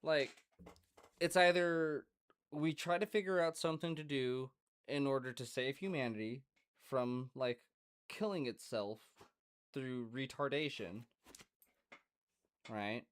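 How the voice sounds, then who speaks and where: A male podcast host rambles through a casual monologue at a mid-range pitch. He swears freely, restarts his sentences and breaks off to talk to his dog. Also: fairly even intonation, slow, pauses often, clean tone.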